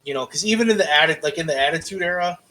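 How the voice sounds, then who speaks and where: Profane, animated man talking wrestling. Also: on the high side, very fast, a little hiss or hum. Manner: swears freely, animated storytelling with acted-out quotes. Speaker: podcast co-host. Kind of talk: casual chat.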